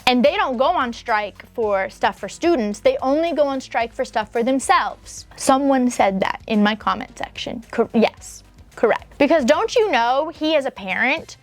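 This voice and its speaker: Young woman w a high voice doing storytime, sarcastic and emphatic, light music under it. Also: animated. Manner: emphatic and sarcastic, with drawn-out pauses. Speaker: storytime host reading and reacting to submissions. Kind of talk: casual storytime commentary and reading aloud. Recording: soft background music.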